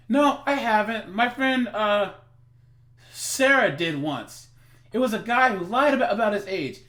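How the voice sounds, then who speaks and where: A man giving reaction commentary on a livestream, talking to his viewers in a chatty way. His voice sits fairly high and swings widely in pitch, and he speaks at an unhurried pace. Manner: animated, chatty, addresses viewers as guys. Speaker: streamer reacting to a video.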